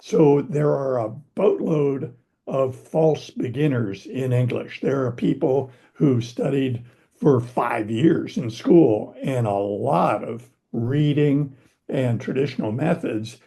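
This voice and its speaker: A man's voice: mid-range voice, slow, dark tone. A man hosting a conversation, weighing his points carefully and qualifying what he says. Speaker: channel host. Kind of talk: conversational interview.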